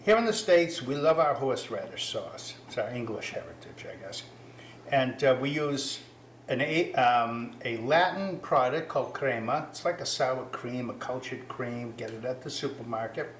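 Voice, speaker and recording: A man's voice: mid-range voice, expressive, moderate pace, reverberant, a little hiss or hum. A man hosting a casual cooking demonstration, chatty and self-correcting, with apologetic asides. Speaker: cooking show host.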